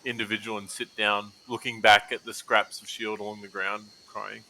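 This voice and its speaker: A man voicing his character in a tabletop game, stammering and playful. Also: normal speed. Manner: stammering, playful, jumps into high excited pitch. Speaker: player.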